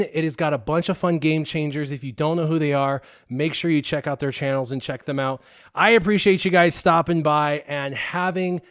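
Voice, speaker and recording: A man hosting a gaming channel, telling a story to his viewers in a casual, excitable and animated way, stressing words for effect. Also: on the high side, clean tone, dry recording, clean studio sound.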